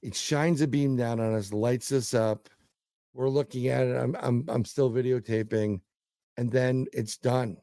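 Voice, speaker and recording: A man's voice: medium pitch, fairly even intonation, unhurried, warm tone, dry recording. A man, a paranormal investigator, telling a story as a guest in a casual interview; he rambles, repeats words and acts out quotes.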